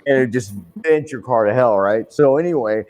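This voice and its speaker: An older man spins a rambling, profanity-laced tale for an interviewer, tripping over restarts as he goes. His voice sits at an ordinary middle pitch. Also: normal speed, a little mellow. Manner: profane, rambling, many restarts, swears freely. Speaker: wrestler telling a story in an interview. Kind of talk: anecdotal interview storytelling.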